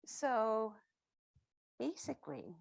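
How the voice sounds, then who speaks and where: A woman speaker giving a spiritual talk at a spiritual center, retelling a story in a slow, reflective, affirming way. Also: a little high, creaky, poor audio. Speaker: guest speaker.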